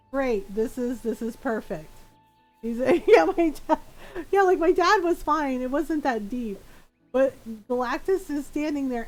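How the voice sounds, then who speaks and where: Animated woman streamer telling a story. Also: high-pitched, rough recording. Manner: animated, laughing, acts out quoted voices. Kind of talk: casual storytelling on a live stream.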